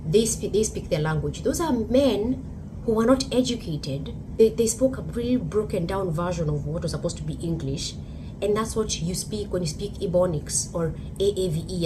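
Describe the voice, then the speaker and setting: A Kenyan woman talks bluntly and with emphasis, in a lowish voice. Her commentary comes with clear background noise under it. She tells stories as she makes her points. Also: lively intonation, moderate pace. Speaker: host. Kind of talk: opinion commentary monologue.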